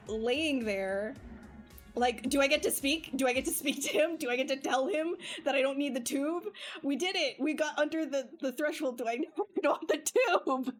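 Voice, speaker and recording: A woman livestreaming, telling a personal story in casual chat, animated and laughing often, with many fillers. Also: high-pitched. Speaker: livestream artist. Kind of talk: casual chat while streaming.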